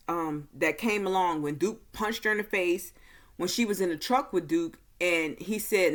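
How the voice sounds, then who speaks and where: A woman giving a casual movie recap and review, talking slowly and easily, with frequent fillers. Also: fairly low pitch, fairly bright tone. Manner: slow, easygoing delivery with many fillers.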